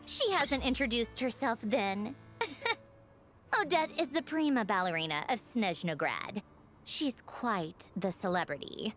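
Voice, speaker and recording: An actress voicing a composed adult woman in a fantasy video game, speaking in a measured, gracious, informative way. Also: on the high side, lively intonation, fairly bright tone, faint music behind.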